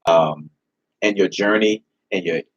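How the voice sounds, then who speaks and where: A man, a pastor, talking on a radio show, warm and encouraging with frequent affirming murmurs. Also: low voice, a little slow, highs cut off. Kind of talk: casual heartfelt radio conversation.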